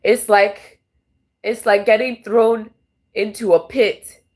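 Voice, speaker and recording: A woman's voice: medium pitch, fairly even intonation, takes it slowly, a little mellow. A woman tarot vlogger talking to camera in a raw, rambling, emotional monologue, swearing often and restarting her sentences.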